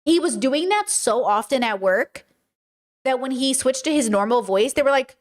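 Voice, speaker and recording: A young woman hosting a casual livestream, talking in an animated, chatty way and slipping into mimicked voices. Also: high voice, moderate pace. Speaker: livestream host.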